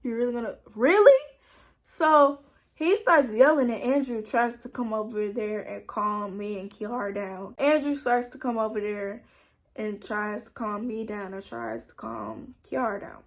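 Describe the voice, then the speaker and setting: A young woman tells a casual storytime vlog. Her voice sits a little high for a woman, and she gets animated, acting out quoted lines in her own voice. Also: measured pace, creaky. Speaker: vlogger.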